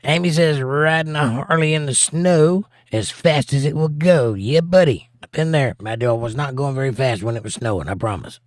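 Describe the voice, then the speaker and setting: A man's voice: mid-range voice, moderate pace, hardly any pauses, no echo, clean studio sound. A man hosting a casual live stream, reading viewer comments aloud and joking back at them. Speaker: livestream host.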